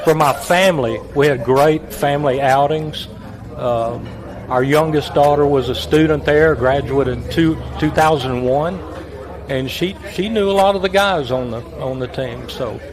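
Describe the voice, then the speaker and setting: A man, a retired stadium announcer, telling stories in a folksy, halting way with repeated words. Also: on the high side. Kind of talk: reminiscing guest on a talk show.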